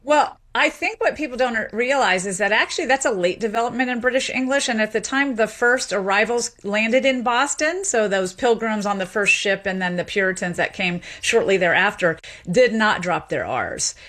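A middle-aged woman from Memphis, a sociolinguist being interviewed, explaining in an animated way with small restarts. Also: medium pitch, normal speed, hardly any pauses. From Memphis, Tennessee. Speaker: sociolinguist and professor, guest.

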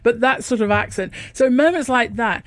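A woman's voice: fairly high pitch, normal speed, no echo. A middle-aged woman from Lincoln with a northern English accent, chatting as a guest on a radio show and laughing often. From Lincoln, England. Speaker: guest, opera soprano. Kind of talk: casual radio interview chat. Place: radio studio.

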